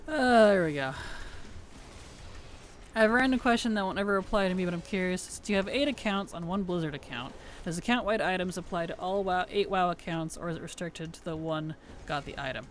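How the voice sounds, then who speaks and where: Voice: medium pitch, a little fast, a little hiss or hum. A streamer chatting casually while playing, laughing often and answering questions from chat.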